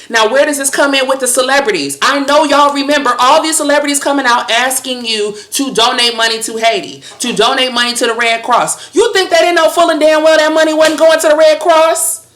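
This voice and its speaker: A woman's voice: high voice, a little fast, fairly bright tone, roomy sound. A woman delivering a heated, profane, scolding monologue with a sarcastic edge. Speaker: commentator.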